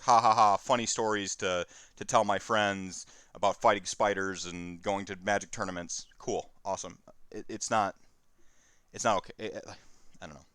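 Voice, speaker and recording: A man in his thirties, a stream host, telling a candid personal story in a rambling, halting way with many fillers. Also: low-pitched, pushed and bright, clear, resonant tone, dry recording.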